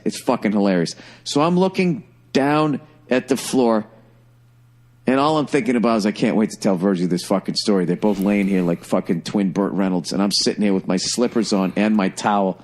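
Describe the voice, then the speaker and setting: A middle-aged man telling a funny story in a casual, profane, animated way, like a stand-up comedian on a podcast. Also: fairly low pitch, moderate pace.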